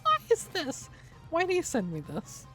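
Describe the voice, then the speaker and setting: A woman's voice: extremely high pitch, huge pitch swings, moderate pace, bright, forceful tone, soft background music. A woman streamer giving heated, profane, sarcastic commentary on a livestream while reading through a document.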